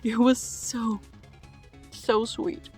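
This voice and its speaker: A woman's voice: a little high, flat delivery, drawn-out words, darkish tone, faint music behind. Giggly chatty woman in her twenties. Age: 20s. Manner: chatty and giggly, full of "like" fillers. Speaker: vlogger answering viewer questions. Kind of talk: casual chat. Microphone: phone.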